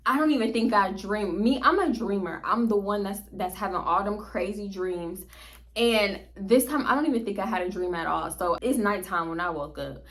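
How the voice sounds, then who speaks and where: A woman vlogger telling a story to her viewers in a casual, animated way, often laughing and speaking straight to them. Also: medium pitch, moderate pace.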